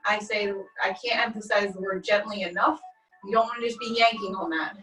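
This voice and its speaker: A woman leading a guided stretching class, calmly cueing each step while she does the moves herself, recorded on a laptop mic across a room. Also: medium pitch, a little fast. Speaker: stretching instructor. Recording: echoey room, distant mic, faint music.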